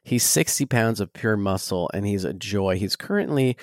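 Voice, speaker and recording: A man's voice: on the low side, expressive, moderate pace, no echo. Man, podcast host, casual teasing banter, dry close mic. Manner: joking, rambling, teasing friends.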